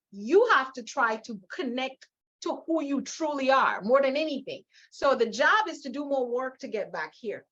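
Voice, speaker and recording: A middle-aged woman from Guyana with a Guyanese accent, telling her story as an interview guest in an emphatic, animated way, laughing often. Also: fairly high pitch, dull audio. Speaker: guest, leadership coach.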